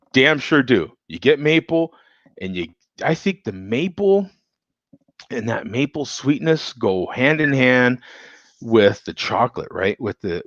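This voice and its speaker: A man's voice: mid-range voice, a bit bright, dry recording, muffled recording. A man casually reviewing a beer on a live stream, joking and laughing often as he chats with viewers.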